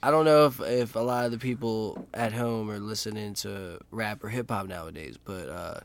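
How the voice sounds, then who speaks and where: A man co-hosting a podcast, telling stories in casual chat with many pauses and fillers. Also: lowish voice, creaky, no echo. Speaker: podcast co-host.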